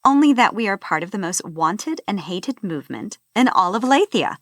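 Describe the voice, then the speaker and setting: A cheeky young male rebel in a fantasy storybook, as a woman puts him on. His speech is breezy and teasing, lifting up in lively leaps. The voice stays at a mid pitch with a playful bounce. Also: moderate pace, no room sound, studio quality.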